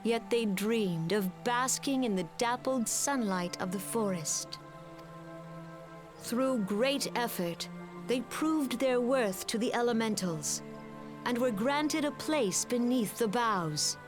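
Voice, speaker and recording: An actress playing a solemn woman elder in a video game, recounting her nation's history in a slow, stately way. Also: a little high, expressive. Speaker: game character. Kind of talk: scripted game voice acting. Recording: game audio with music. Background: music.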